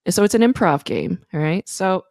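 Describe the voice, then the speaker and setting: Woman podcast host, fairly low voice, dry close sound, chatty and loose with restarts. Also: lively intonation, a little fast, gravelly, darkish tone, dry recording. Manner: chatty, talks through ideas with restarts. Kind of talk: casual interview chat.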